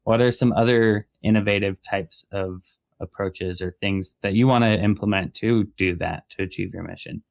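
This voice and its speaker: A man's voice: on the low side, fairly even intonation, normal speed, gravelly, few pauses, a little mellow, dry recording. A man hosting an interview show, supportive and affirming, asking long questions. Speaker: podcast host. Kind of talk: casual interview.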